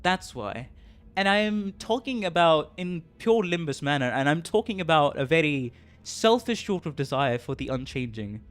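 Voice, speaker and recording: A male streamer talking casually and reflectively, halting often and swearing, with emotion creeping into his voice. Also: on the high side, big pitch swings, a bit bright, clean tone.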